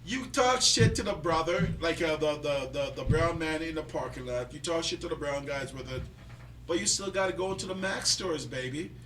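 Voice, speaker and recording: High bright-voiced animated man, roomy. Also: moderate pace, recorded from a distance. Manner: animated, profane, many restarts. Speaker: podcast host. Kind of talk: casual group chat. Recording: roomy, off-mic, faint noise.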